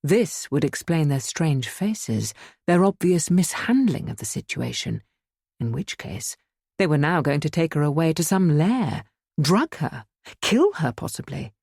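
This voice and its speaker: A woman's voice: sits low, very animated, a little slow, a little mellow, breathy edge, no room sound, clean studio sound. A woman reading a horror story aloud as an audiobook narrator, giving the figures their own voices.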